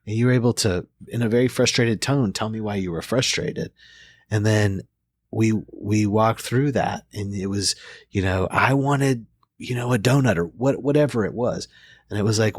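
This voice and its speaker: Man in his 40s, therapist host, reflective storyteller, husky voice, dry close sound. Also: lowish voice, moderate pace, no room sound. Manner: reflective storyteller, with frequent restarts. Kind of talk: casual podcast conversation.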